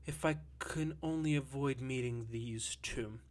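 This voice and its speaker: A tired, anxious middle-aged Russian gentleman, speaking softly and hesitantly, as a male reader voices him. The voice stays close to the narrator's own, in an audiobook reading. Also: mid-range voice, measured pace, lightly acted. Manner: soft, hesitant.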